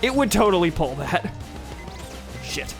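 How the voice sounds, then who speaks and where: A streamer giving live game commentary, excitable and quick to swear at the game. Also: medium pitch, soft background music.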